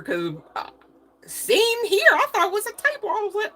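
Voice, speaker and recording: A woman's voice: extremely high pitch, huge pitch swings, normal speed, pushed and bright. A woman giving a live tarot reading, talking casually, laughing often and swearing in a cheeky way. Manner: swears casually, uses slang. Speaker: tarot reader.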